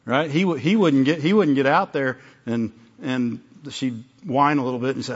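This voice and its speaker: Conversational preacher with a dull recording. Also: male voice, medium pitch, normal speed, slightly rough. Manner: conversational, self-interrupting, acts out little dialogues. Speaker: pastor. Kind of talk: sermon.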